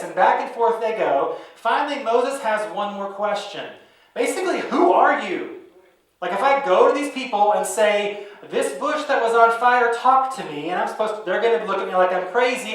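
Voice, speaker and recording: Pastor preaching in an echoey hall. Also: male voice, high-pitched, normal speed. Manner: conversational, animated storytelling. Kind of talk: sermon. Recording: echoey room, mic from a distance.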